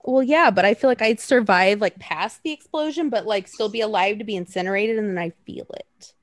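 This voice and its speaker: A woman's voice: mid-range voice, fairly quick, dry recording. A woman co-hosting a casual chat, rambling and joking, swearing freely. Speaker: podcast co-host.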